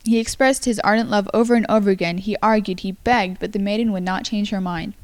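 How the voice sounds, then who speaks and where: A woman's voice: mid-range voice, fairly even intonation, a little mellow. A young woman reads an old folktale aloud in a loose, amateur way. She trips over words often, restarts, and stops to apologize before carrying on. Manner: halting, stumbles and apologizes. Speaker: amateur story reader. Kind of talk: casual read-aloud of a folktale.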